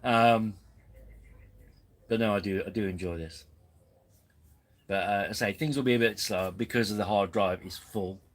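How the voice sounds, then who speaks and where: A man's voice: lowish voice, normal speed, long pauses, low-quality recording. A man hosting a casual live stream from his tent, rambling and self-deprecating. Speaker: camping channel host. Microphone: camera on tripod.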